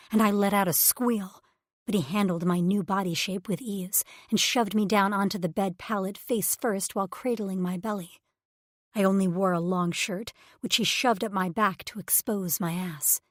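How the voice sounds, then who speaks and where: A woman's voice: mid-range voice, no echo, studio quality. A woman reading a first-person romance audiobook in an intimate, emotive way. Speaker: audiobook narrator.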